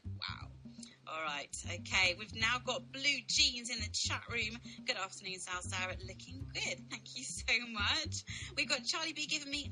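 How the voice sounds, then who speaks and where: A woman's voice: mid-range voice, rough recording. A woman hosting an online radio show in a chatty, bubbly way, full of ums and asides. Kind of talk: casual radio chat. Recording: music playing underneath.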